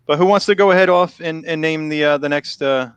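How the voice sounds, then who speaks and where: A man with a Boston accent hosts a live football draft show, chatty and laughing easily as he reads picks. His voice sits a little high and sounds smooth and resonant. He is close on a dry mic. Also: fairly quick, no room sound, muffled recording. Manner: chatty, laughs often, restarts phrases. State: losing his voice. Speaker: host. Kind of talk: casual live draft commentary.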